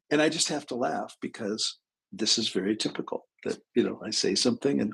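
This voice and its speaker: A man's voice: medium pitch, brisk, creaky, a bit bright, slightly rough. A male therapist talking casually on a livestream, chatty and self-deprecating as he tells funny anecdotes.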